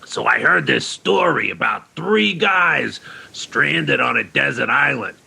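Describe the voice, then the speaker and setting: A man voices Frank, a cheery but lonely castaway stuck on an island, in a monologue for a kids' ministry skit, chatting with children like old pals and calling them "yous." His exaggerated voice is gravelly, rough and bright, mid-range and expressive, delivered slowly.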